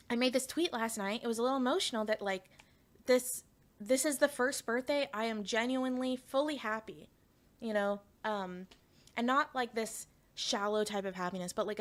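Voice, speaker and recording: A woman from Canada streaming as a VTuber, chatting frankly with her chat and swearing freely. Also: on the high side. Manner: reads chat aloud and answers it. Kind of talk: casual livestream chat.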